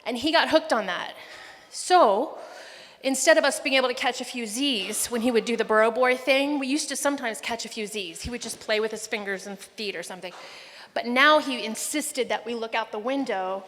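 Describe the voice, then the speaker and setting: A woman's voice: fairly high pitch, moderate pace, fairly bright tone. A middle-aged woman, mother of the groom, giving an emotional, rambling wedding speech with a family story. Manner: emotional, rambling, fighting back tears. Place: wedding reception hall. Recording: long hall reverb.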